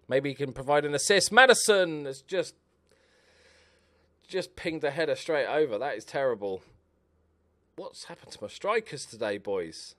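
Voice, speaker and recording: A man's voice: medium pitch, fairly bright tone, no room sound, studio quality. A man giving casual live commentary over a football management game, chatting away and cheering on his players aloud.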